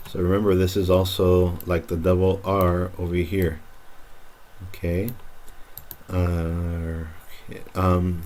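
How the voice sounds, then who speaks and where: A man's voice: low-pitched, flat delivery, measured pace. A man teaching Spanish pronunciation in a recorded lesson, patiently repeating each word for practice.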